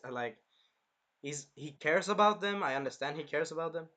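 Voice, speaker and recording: A man hosting a casual anime review, rambling and animated, swearing freely as he recaps an episode. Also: fairly high pitch, brisk. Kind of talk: casual chat.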